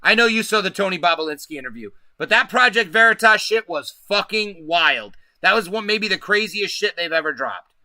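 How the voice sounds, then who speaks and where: High bright-voiced male livestream host. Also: animated, brisk, no echo. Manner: emphatic, profane, keeps asking "okay?". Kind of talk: casual livestream commentary.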